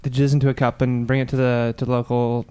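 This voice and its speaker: A man co-hosting a casual podcast, telling a crude joke slowly with many pauses and fillers. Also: medium pitch, level tone, warm tone, smooth. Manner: halting, lots of uh fillers.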